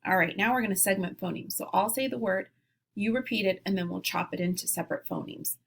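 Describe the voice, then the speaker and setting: A woman teacher leading a phonics lesson, sounding out each sound slowly and clearly. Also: mid-range voice. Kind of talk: phonics lesson, slow and deliberate.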